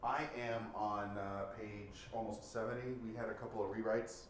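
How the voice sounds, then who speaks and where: A man's voice: lowish voice, steady tone, moderate pace, heavy reverb, a little hiss or hum. A man co-hosting a casual podcast over a call, answering in a laid-back, dry way. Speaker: podcast co-host. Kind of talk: casual chat.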